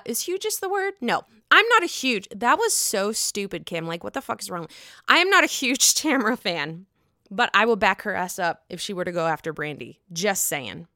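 A young woman chats through a reality-show recap with sass and plenty of swearing, acting out the cast's lines. Her voice is bright and smooth, with lively swings in pitch. The sound is dry and close. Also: no room sound. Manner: gossipy, sassy, swears freely, acts out quotes. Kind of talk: casual chat.

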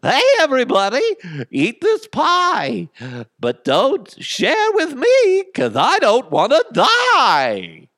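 A creepy high-voiced clown. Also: male voice, huge pitch swings, takes it slowly, bright, forceful tone, no echo, clean studio sound, heavily acted. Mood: creepy inviting. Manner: high, sing-song, fake-friendly. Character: creepy male clown luring kids.

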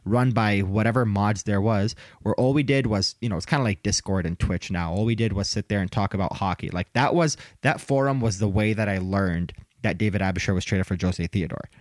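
A man co-hosting a sports podcast in casual chat, telling stories with lively impressions and laughter. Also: fairly low pitch, brisk, few pauses, no room sound, studio quality. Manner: animated storyteller, mimics players with laughter. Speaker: podcast co-host.

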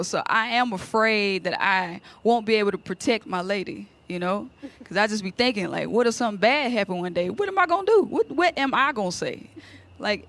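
A woman's voice: fairly high pitch, a little hiss or hum. A woman doing a stand-up comedy set, telling stories with slang and laughing often. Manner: laughing, animated storytelling with slang.

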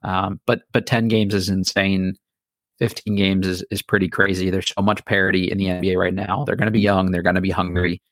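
A man's voice: deep voice, level tone, a little fast, a bit bright, no room sound, clean studio sound. A man hosting a casual sports podcast chat, blunt and opinionated. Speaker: podcast host.

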